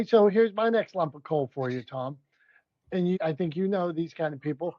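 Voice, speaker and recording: A man co-hosting a podcast in casual banter, leading the segments in a brisk, upbeat way. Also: high-pitched, no room sound. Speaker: podcast co-host. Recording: dry, dull lo-fi sound.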